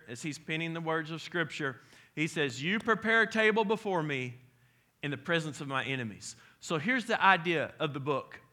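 A man, preaching a conversational, animated sermon as pastor. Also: on the high side.

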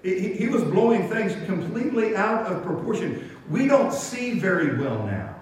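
A man's voice: sits high, big pitch swings, normal speed. A male pastor preaching a sermon, telling stories with frequent stammered restarts. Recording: echoey hall, mic from far off.

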